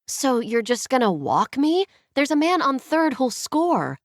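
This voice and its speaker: A woman voicing a sharp-tongued young professional woman with tart sarcasm. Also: sits high, big pitch swings, unhurried, no echo, clean studio sound, voice pushed up, exaggerated voice. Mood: sarcastic.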